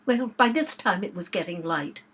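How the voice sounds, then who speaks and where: A woman reading a storybook aloud in an unhurried, expressive narration. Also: medium pitch, slightly rough. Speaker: reader.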